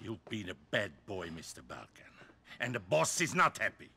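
An actor playing a menacing, mocking thug with a husky voice, talking in a sneering, taunting way. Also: male voice, lowish voice, big pitch swings, normal speed, sharp tone, a little hiss or hum, heavily acted. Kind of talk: video game cutscene acting.

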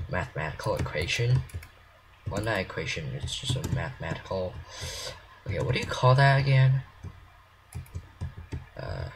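A man's voice: deep voice, poor audio. A man rambling self-consciously in casual commentary while he builds in a game. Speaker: game creator. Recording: clear mouse clicks and typing.

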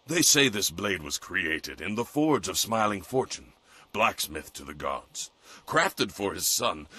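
An actor playing a stately older male weapon master in a game, speaking in a formal, measured way. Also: fairly low pitch, sharp tone, slightly rough, dry recording, heavily acted.

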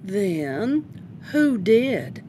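A woman voicing a stern mother bunny who speaks slowly and firmly. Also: mid-range voice, very animated, dark tone, slight background noise. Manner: slow, measured, firm.

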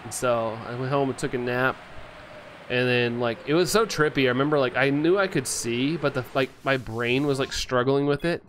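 A man's voice: medium pitch, moderate pace, a little hiss or hum. A young man chatting casually as a game streamer, rambling with lots of fillers and often laughing. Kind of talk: casual chat while playing, reading chat.

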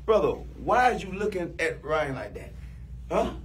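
A man playing a new boss in a comedy sketch, bossy, loud and teasing, with big swings in pitch. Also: very animated, normal speed, slight background noise.

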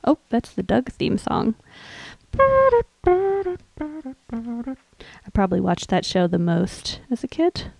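A woman's voice: medium pitch, wildly swooping pitch, a little slow, gravelly, slightly rough, dry recording, poor audio. A woman hosting a music livestream, chatting casually and rambling between songs with a tired voice. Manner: chatty, rambling, soft and laughing.

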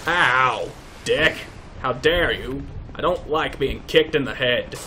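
A young man giving let's play commentary, mock-pompous and swearing, shouting insults at enemies. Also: medium pitch, takes it slowly, slight background noise. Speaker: gaming YouTuber.

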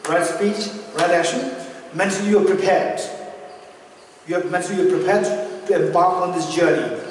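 A man's voice: high voice, a little mellow. Man teaching dharma in an echoey hall. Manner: repeats key phrases while explaining. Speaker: Buddhist teacher. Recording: echoey hall, distant mic, faint noise.

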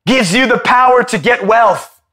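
A man preaching an impassioned Bible-study sermon, rising at times to a shout. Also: extremely high pitch, measured pace.

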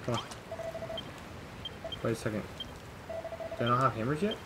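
A man's voice: mid-range voice, lively intonation, normal speed, background noise. A man hosting a let's play, talking through casual gameplay commentary and mumbling to himself as he reads game text aloud.

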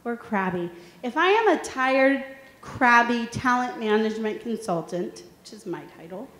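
Speaking at normal speed with a somewhat high voice, a woman in her thirties gives a humorous motivational workshop to an audience. The large room echoes as she tells amusing stories with energy and asks the crowd questions.

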